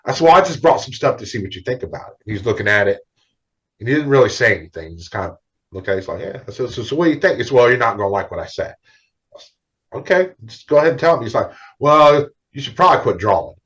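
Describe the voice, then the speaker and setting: A man's voice: medium pitch, fast, dull audio. A middle-aged man, a comic book artist, telling stories in a casual interview and acting out what others said. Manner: animated, acts out other people's lines.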